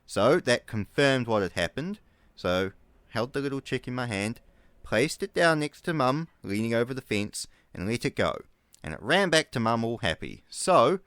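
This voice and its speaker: A man's voice: mid-range voice, a bit bright, clear, resonant tone, dry recording, clean studio sound. A man, a conservation ranger telling stories in a casual, chatty way and laughing often. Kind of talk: casual storytelling vlog.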